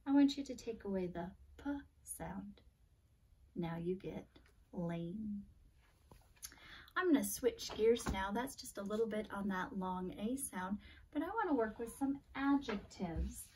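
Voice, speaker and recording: A woman teacher giving a video phonics and grammar lesson at a board, sounding out letters slowly and clearly. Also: mid-range voice, lively intonation, darkish tone, far from the mic, slight background noise. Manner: slow, deliberate sounding-out of letters.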